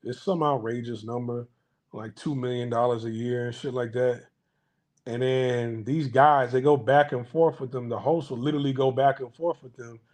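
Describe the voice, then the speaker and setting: Guy ranting straight to camera, blunt and crude, lots of stammered restarts, regular mid-pitch voice. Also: steady tone, moderate pace, a little mellow. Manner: blunt, profane rant with repeated restarts; acts out others' voices in anecdotes. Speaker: commentary channel host. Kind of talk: casual monologue to viewers.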